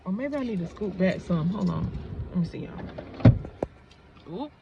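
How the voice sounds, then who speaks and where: A woman vlogging outdoors, casually telling a story to camera with animated asides to her viewers and blunt, salty language. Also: fairly low pitch, moderate pace, vocal fry, lo-fi sound, very noisy. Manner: chatty, animated retelling with frequent asides to viewers. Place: outdoors in sunlight.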